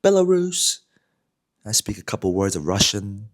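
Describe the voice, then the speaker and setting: A man with a very low, deep voice tells a story casually to the camera. He rambles in a relaxed way and fills his talk with "you know" and "like.". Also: normal speed. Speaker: vlogger.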